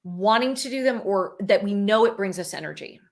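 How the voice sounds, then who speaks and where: A woman's voice: medium pitch, lively intonation, fairly quick. A woman founder and chief executive speaking as an interview guest, thoughtful and peppered with "like" and "you know". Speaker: guest, company founder and CEO. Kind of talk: conversational interview.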